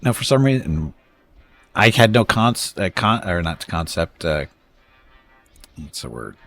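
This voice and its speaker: A man's voice: low-pitched, sing-song, unhurried, gravelly, a bit bright, faint music behind. A man casually commenting on his space strategy game during a live stream, rambling, thanking viewers and joking about word pronunciations.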